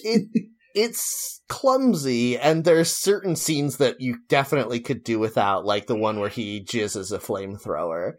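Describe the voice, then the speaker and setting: Male co-host, loose chatty delivery, opinionated, filler-heavy, average pitch. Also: lively intonation, measured pace. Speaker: podcast co-host. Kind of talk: casual chat.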